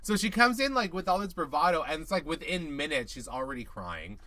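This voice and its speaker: A man co-hosting a podcast in casual chat, chatty and playful, with quick asides and a knack for mimicking others. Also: fairly high pitch, animated, pushed and bright, no room sound. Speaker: podcast co-host. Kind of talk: casual chat recapping a reality show.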